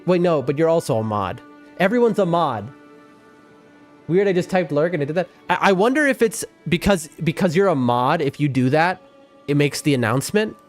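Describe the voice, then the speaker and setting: A man streaming a game live, chatting with viewers in a rambling, excitable way. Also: fairly high pitch. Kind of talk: casual live-stream chat.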